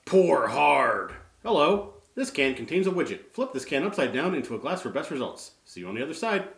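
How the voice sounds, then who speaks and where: Lively high-pitched man, playful. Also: fairly quick, gravelly. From Canada. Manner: playful, teasing, reads labels aloud. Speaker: co-host. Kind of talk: casual beer-tasting chat. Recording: echoey room.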